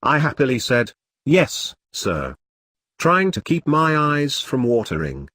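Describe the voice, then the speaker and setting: A man's voice: medium pitch, fairly bright tone, dry recording. Man narrating a story, dry close sound. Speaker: narrator of online stories. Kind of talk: scripted first-person story narration.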